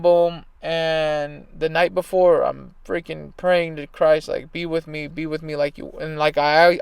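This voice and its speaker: Chatting casually, a man in his thirties who plays and coaches baseball tells an emphatic, meandering story. His voice is a touch high and gravelly yet smooth and clear, and the close, dry sound carries no echo.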